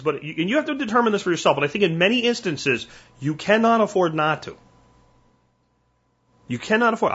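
An older man hosting a solo podcast, talking bluntly and emphatically in warning tones, with a husky voice. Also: high-pitched, fairly bright tone, highs cut off. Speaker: podcast host.

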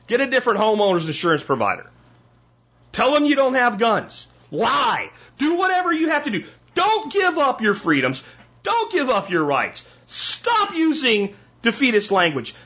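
A man's voice: sits high, a bit bright. A man hosting a podcast, delivering a blunt, profane, emphatic rant. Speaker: podcast host. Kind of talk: ranting monologue. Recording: dull lo-fi sound.

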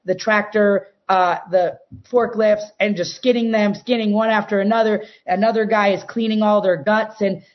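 A woman telling long, animated stories from her farm in casual talk, with many restarts. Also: medium pitch, moderate pace, few pauses. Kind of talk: casual storytelling. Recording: dull, muffled sound.

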